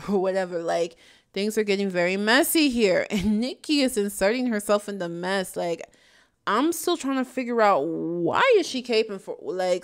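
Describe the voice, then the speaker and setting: Casting note: woman host, sassy and chatty, smooth clear voice, mid pitch. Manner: chatty, sassy, laughs often. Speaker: YouTube commentary host. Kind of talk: casual chat.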